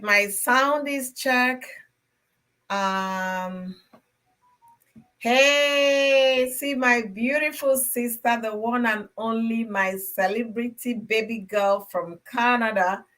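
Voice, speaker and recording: A woman's voice: on the high side, a bit bright. Nigerian woman doing a casual home livestream, chatty, greets viewers by name, talks close to her device. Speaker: livestream host.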